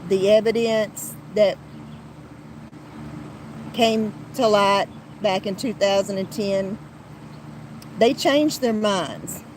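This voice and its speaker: A woman's voice: medium pitch, slight background noise, low-quality recording. A woman hosting a podcast, talking in a blunt, heated way with frequent restarts and some swearing. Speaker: podcast host. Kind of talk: casual commentary podcast.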